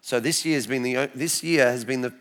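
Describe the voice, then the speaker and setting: A man in his forties with an Australian accent, telling his faith story to a church crowd in a lively, storytelling way. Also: medium pitch, a little fast. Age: 40s. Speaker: speaker sharing his testimony. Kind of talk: church testimony talk.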